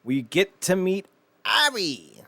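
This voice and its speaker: A man's voice: high voice, wildly swooping pitch, takes it slowly, sharp tone, dry recording. A man co-hosting a podcast, recapping a TV show in casual chat, rambling, swearing and stumbling over his words. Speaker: podcast co-host.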